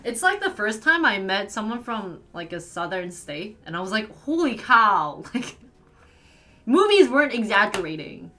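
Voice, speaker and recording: A woman's voice: medium pitch, very animated, normal speed, fairly bright tone. A woman livestreamer chatting casually, reacting to viewer comments with amusement and frequent laughs. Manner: amused, laughs often, muses aloud.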